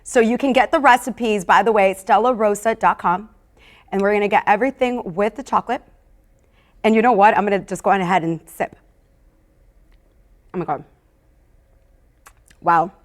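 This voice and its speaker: A woman's voice: medium pitch, normal speed, pauses often. Chatty, upbeat woman hosting a tasting. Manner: chatty and upbeat, with personal stories and asides; talks straight to viewers, calling them "you guys". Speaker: host of a live wine tasting. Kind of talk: casual live-stream hosting.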